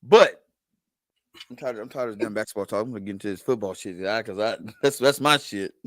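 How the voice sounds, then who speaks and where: A man's voice: fairly low pitch, fairly quick, no room sound, poor audio. Rambling, profane man on a dry call. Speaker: podcast co-host. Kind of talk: casual sports chat.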